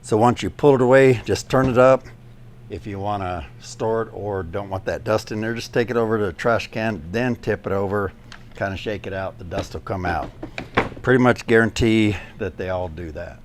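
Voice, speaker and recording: Low-voiced man giving drywall sanding tips. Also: normal speed, slight background noise. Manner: practical, step-by-step pointers. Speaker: DIY drywall YouTuber. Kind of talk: casual tool demonstration.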